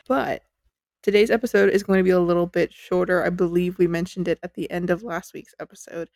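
Giggly woman podcast host, gravelly low voice. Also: flat delivery, fairly quick, darkish tone, dry recording, studio quality. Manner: chatty, giggly, self-deprecating. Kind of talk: casual podcast storytelling.

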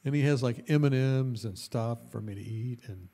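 A man preaching a sermon who tells stories with animation. His voice sits at an ordinary middle pitch and jumps to loud bursts at the high points, with laughter along the way. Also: normal speed. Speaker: pastor. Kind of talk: storytelling sermon.

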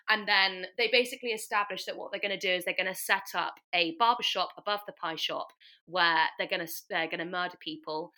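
A woman talks through a story recap in a casual podcast chat, her voice bright and forceful. She rambles with plenty of fillers and briefly acts out what each character says. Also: fairly low pitch, steady tone, brisk. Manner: chatty, filler-heavy, acts out quotes of the characters. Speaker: podcast host.

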